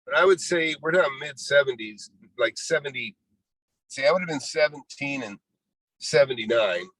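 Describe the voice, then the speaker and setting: A real estate investor in his sixties, appearing as a guest, rambles through his life story, saying "you know" often and acting out what people told him. His voice is medium-pitched, moderately paced and a bit bright. The audio is poor, with no room sound.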